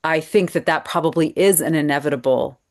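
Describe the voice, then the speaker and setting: A woman in a podcast conversation, explaining her ideas in a thoughtful, measured way. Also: deep voice.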